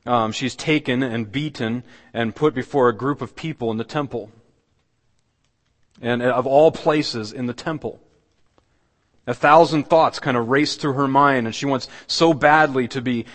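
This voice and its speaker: A man preaching a sermon, retelling a scripture story dramatically and dropping his voice to a near hush. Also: medium pitch, big-room sound. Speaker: pastor. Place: church.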